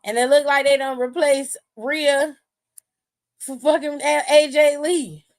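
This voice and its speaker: Sassy, profane woman, a little high. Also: steady tone, unhurried. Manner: sassy, profane, laughs often. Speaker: wrestling aftershow host. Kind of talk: casual commentary stream.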